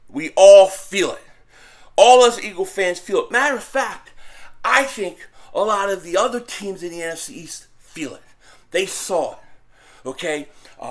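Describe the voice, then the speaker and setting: Fired-up man ranting about his team. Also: high voice. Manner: energetic, bursts into shouting. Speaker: sports fan show host. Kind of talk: excited fan rant.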